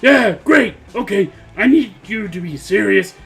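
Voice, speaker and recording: A man's voice: high voice, lively intonation, vocal fry, a bit bright, slightly rough, soft background music, heavily acted. A man voicing a bossy, self-assured young female witch with a military background, reading a visual novel aloud on stream. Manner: brisk, self-assured, pushy.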